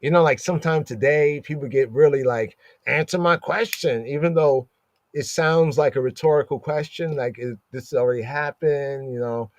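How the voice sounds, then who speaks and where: A man giving a casual, lively scripture lesson, reading verses aloud and acting out the characters as he explains them. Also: medium pitch, moderate pace, no room sound. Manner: conversational, animated, reads verses and acts out the characters. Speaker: Torah study teacher.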